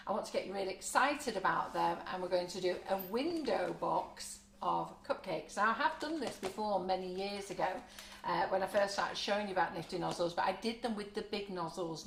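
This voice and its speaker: A woman's voice: medium pitch, roomy sound, slight background noise. A woman hosting a live cake decorating demo, chatty and frank, laughing often. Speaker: baking show host. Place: home kitchen studio.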